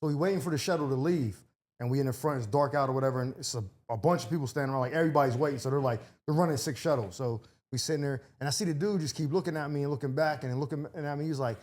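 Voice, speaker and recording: A man hosting a podcast, telling a rapid, slangy anecdote in casual chat. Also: medium pitch, darkish tone. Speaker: podcast host.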